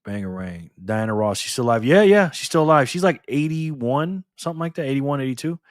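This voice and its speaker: A middle-aged man hosting a casual live stream, lively and teasing, laughing often as he reacts to chat. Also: medium pitch, fairly quick, no echo, clean studio sound.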